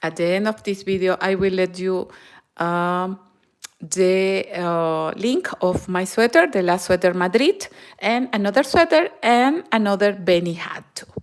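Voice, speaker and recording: A woman with a Spanish accent chats casually on a live stream about crochet. Her English is halting and full of fillers, and she speaks at an unhurried, slow pace in a mid-range voice. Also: medium pitch. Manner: halting non-native English, friendly, frequent fillers. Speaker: crochet channel host. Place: home in Germany.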